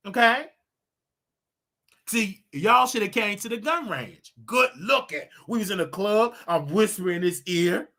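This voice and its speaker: A man hosting his own show, ranting and preaching to his audience in a casual, animated way with loud outbursts. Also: high-pitched, measured pace. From United States. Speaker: show host. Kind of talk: casual livestream rant.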